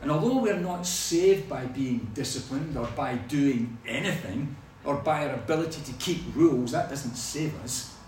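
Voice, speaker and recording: There's slight background noise as a Scottish pastor of medium pitch gives a sermon full of humorous, lively stories. He sounds far away, in a hall with plenty of echo.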